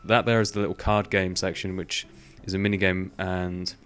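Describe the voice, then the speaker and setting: A man's voice: low voice, little pitch movement, moderate pace, fairly bright tone, soft background music. A young man giving casual, rambling gameplay commentary, swearing offhandedly and filling gaps with "um" and "like". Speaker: gaming video host.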